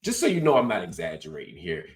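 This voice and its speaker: Deep-voiced sarcastic man. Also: fast talker. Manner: animated, sarcastic, mocking. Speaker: host. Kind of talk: political commentary.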